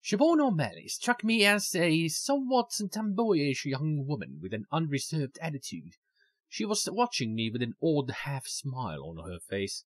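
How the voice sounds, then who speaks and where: A man reading out the game's narration as a reserved, observant gentleman, in a measured delivery. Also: a little high, big pitch swings, no echo, pitched above the performer's own voice. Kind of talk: reading game narration aloud.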